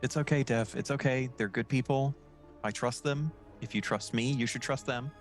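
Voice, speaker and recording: A man's voice: a little high, wildly swooping pitch, unhurried, soft background music, voice pushed up. A man voicing a large, courteous machine man with a metallic voice, in a tabletop game. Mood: reassuring. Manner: formal, courteous, precise. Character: polite hulking male machine man, metallic voice.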